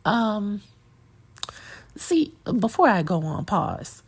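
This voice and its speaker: A woman's voice: medium pitch, sing-song, extremely slow, husky. A woman giving an opinionated, sassy movie review in a casual chatty way, talking straight to her viewers. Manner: sassy, opinionated, talks to viewer as "girl" and "child".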